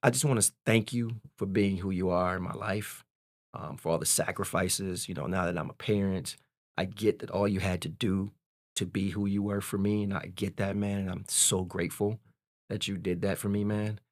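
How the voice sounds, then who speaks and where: A man in his forties, a podcast guest telling a personal story in a candid, animated way. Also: low voice, moderate pace, dry recording, studio quality. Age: 40s. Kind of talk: casual storytelling.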